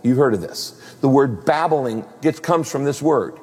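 A male pastor delivering a lively sermon, acting out the voices of the people he quotes. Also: medium pitch, normal speed, husky. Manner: animated preaching, acts out quoted voices. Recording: long hall reverb.

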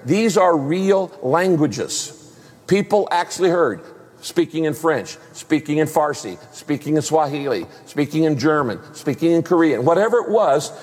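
Male pastor, animated sermon delivery, slightly raised pitch, big reverberant hall. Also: moderate pace, breathy edge. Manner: animated preaching, acts out quoted voices.

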